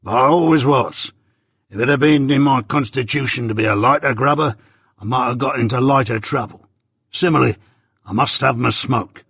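A blunt, hungry old ex-convict , as a man puts him on for an audiobook, growls out his words in a gravelly, husky voice. His speech is rough and rustic, and he keeps saying "dear boy". The sound is close and dry. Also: mid-range voice, normal speed, fairly bright tone, dry recording. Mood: gruff, wary. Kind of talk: audiobook character voice.

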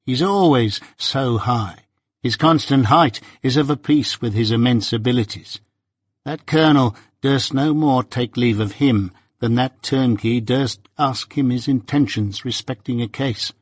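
A man voicing a brisk, dry male law clerk with a wry, clipped manner, read as an audiobook. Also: mid-range voice, dry recording, close to an everyday voice. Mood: confidential.

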